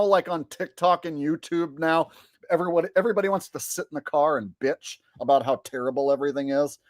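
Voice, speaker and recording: Male commentary vlogger, profane exasperated rant, very lively pitch, dry close sound. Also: dry recording. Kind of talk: ranting commentary.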